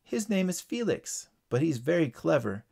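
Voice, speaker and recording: A man's voice: fairly high pitch, very animated, moderate pace, vocal fry, dark tone, husky, voice pushed up, heavily acted. A man doing a timid little ladybug. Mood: earnest. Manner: pleading, small voice. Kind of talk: storybook reading.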